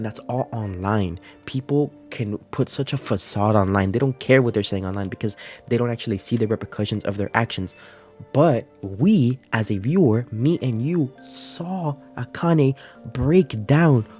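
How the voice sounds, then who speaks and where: A man's voice: fairly low pitch, darkish tone. A man giving casual, earnest commentary on an anime episode, emotional and full of fillers. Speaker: anime reviewer.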